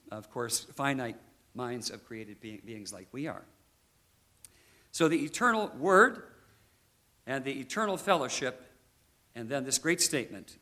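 Bright-voiced man preaching a Bible lesson. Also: medium pitch. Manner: teaching, emphatic, with pauses and restarts. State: congested, clearing his throat. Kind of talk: sermon.

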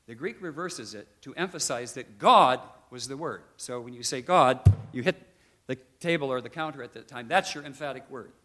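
A man preaching a sermon, teaching through scripture with emphatic stresses, restarts and an occasional throat clearing. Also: mid-range voice, fairly quick, a bit bright. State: congested, clearing his throat.

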